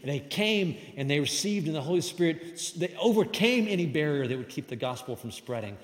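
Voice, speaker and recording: A man's voice: on the high side, expressive, a little fast. A man giving a sermon as pastor, emphatic and conversational. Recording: echoey hall with long reverb.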